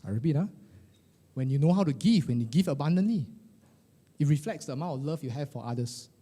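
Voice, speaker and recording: A middle-aged man leads a motivational workshop, peppering his talk with "lah" and "eh" and constantly checking in with the audience. His voice sits a little high, with a mellow, soft-edged tone. He sounds animated and conversational rather than scripted. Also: fast talker, breathy edge. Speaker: coach for financial advisors.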